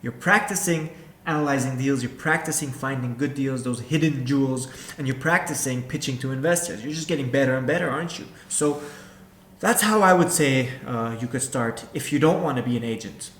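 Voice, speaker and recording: A man's voice: medium pitch, fairly quick, fairly bright tone, a little hiss or hum. Direct-talking man in an echoey room. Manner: direct, repetitive, addresses viewer as you. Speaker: real estate investor and coach. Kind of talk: instructional talk to camera. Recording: echoey room with faint background ambience.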